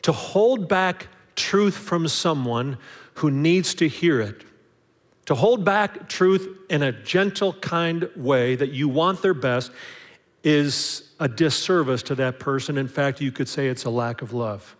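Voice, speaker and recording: A man's voice: a little high, slow pace. Conversational preacher man in a reverberant hall. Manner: conversational, acts out little dialogues, frequent restarts. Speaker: pastor. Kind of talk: sermon.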